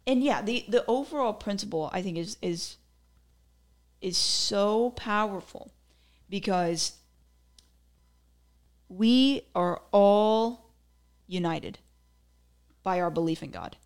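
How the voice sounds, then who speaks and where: A young woman hosts her podcast alone, speaking in a mid-range voice that moves slowly with frequent pauses. The chat is casual, sprinkled with "like" fillers and giggly asides.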